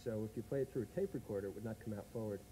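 Mellow-voiced American guest explaining patiently. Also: male voice, lowish voice, racing, slight background noise, low-quality recording. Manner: genial, explains things patiently. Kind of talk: chat show interview. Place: studio with live audience.

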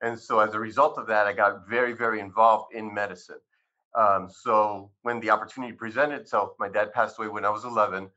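A man in his fifties tells his personal story as an interview guest, his voice bright and forceful. He acts out past conversations with lively switches. The recording sounds a little dull and lo-fi. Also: fairly low pitch, fairly quick. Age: 50s. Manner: animated storyteller who acts out dialogue. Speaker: physician guest.

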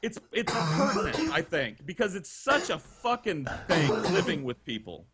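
A man on a remote call telling a crude podcast story. He talks in a raised, lively pitch that leaps up and down, and he swears and plays out each person's lines himself. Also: moderate pace, over a noisy crowd. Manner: profane, animated, acts out quoted voices. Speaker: guest storyteller.

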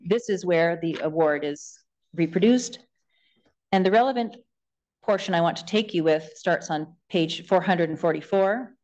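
A woman lawyer making a formal closing submission in court, reading passages aloud from documents in a measured way. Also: on the low side, a little mellow. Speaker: government lawyer.

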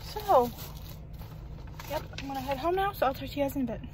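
With background noise behind her, a vlogger talks fairly quickly in a high-pitched, expressive voice. This young adult woman is out of breath as she giggles and rambles with many fillers through her daily vlog, filmed from her car and later at home.

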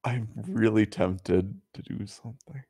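A man's voice: on the low side, measured pace, warm tone, slightly rough, dry recording, studio quality. A man playing in a tabletop game, thinking aloud in a hesitant, casual way. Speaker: player.

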